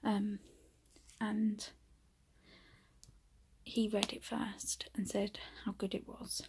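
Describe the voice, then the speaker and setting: A woman's voice: mid-range voice, flat delivery, drawn-out words, gravelly, a little hiss or hum. A young woman vlogging at home, out of breath, chatting casually and often dropping into a whisper. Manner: coos softly to her cat. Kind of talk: casual vlog chat.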